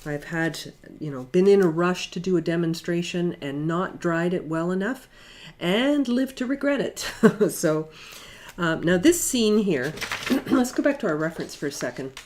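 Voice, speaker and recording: A middle-aged woman giving a casual watercolor painting demonstration in her studio, talking in a relaxed, chatty way with fillers. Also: fairly low pitch, moderate pace. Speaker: watercolor art instructor.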